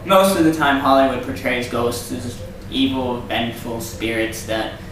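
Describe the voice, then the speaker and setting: A man's voice: mid-range voice, steady tone, measured pace, a bit bright, far from the mic. A man hosting his own vlog, talking in a sarcastic, rambling rant. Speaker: vlog host. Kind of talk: casual vlog monologue. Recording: echoey room, off-mic, faint hiss.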